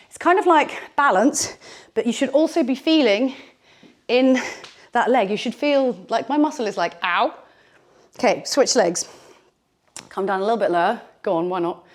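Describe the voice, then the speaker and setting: A female instructor runs a bodyweight workout with chatty, joking encouragement, a little breathless, wearing a clip-on mic on her t-shirt. Her fairly high voice is expressive, moderately paced, and broken by long pauses.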